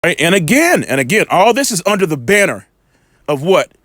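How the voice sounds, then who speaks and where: A man's voice: sits high, sing-song, normal speed, a bit bright, no echo, clean studio sound. A man giving preaching-style Bible commentary in a video, emphatic and firing rhetorical questions at his listeners.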